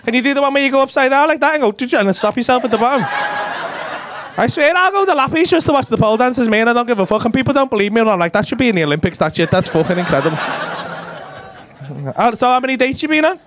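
A male stand-up comedian, doing loud, sweary crowd work with the front row in a comedy club. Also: very high voice, racing. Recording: live club recording with crowd noise. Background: laughing audience.

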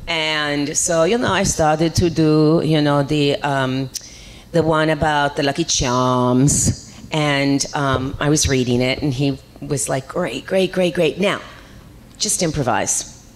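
Actress guest on a convention panel, low-pitched woman, lively and rambling, telling stories to fans. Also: slow, a little hiss or hum. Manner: chatty, rambling, lively storytelling.

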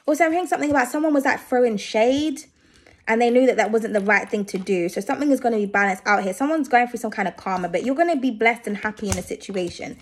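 A woman's voice: on the high side, quick pace. A woman giving a casual tarot reading to her viewers, chatty and reassuring, often checking in with "okay?". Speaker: tarot reader.

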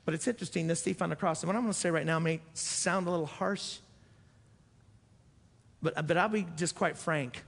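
A man's voice: on the high side, brisk, gravelly, long pauses, a bit bright. A man preaching a sermon as pastor, earnest and repeating phrases for emphasis. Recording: echoey church hall.

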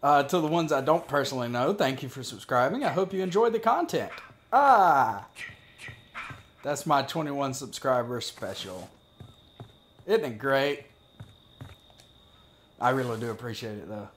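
A man's voice: medium pitch, expressive, normal speed, long pauses, fairly bright tone, slight background noise. A man giving casual, profane gameplay commentary as a gaming video creator, joking and talking to himself as he plays.

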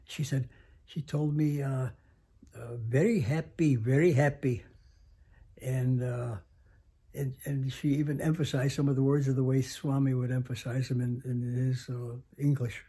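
A man in his nineties telling a story slowly, halting with many pauses and restarts. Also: medium pitch, level tone, dark tone, slightly rough. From United States. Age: 90s. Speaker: interview guest. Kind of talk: reflective storytelling. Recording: home interview.

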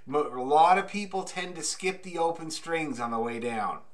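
A man's voice: on the high side, moderate pace. A man teaching a group fiddle class in a casual, encouraging way, with plenty of "you know" and "like".

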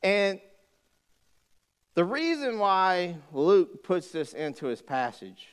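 A man preaching a sermon as pastor, folksy and joking, with animated storytelling. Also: sits high, slow pace, clean tone.

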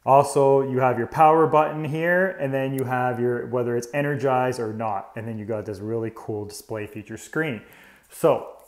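A man's voice: mid-range voice, steady tone, moderate pace. A man, an electrician giving a casual, chatty tool demonstration indoors in an old house and explaining each step.

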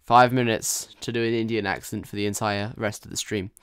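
A man's voice: lowish voice, steady tone, a little fast, a bit bright, clean tone, no echo, studio quality. A young man chatting jokily to his viewers while commentating a live game stream. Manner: chatty, jokey, talks to viewers.

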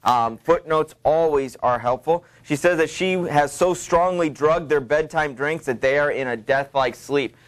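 A male teacher lectures to a class in a somewhat high voice, halting often with fillers and restarts. He breaks off now and then to read a passage aloud before explaining it.

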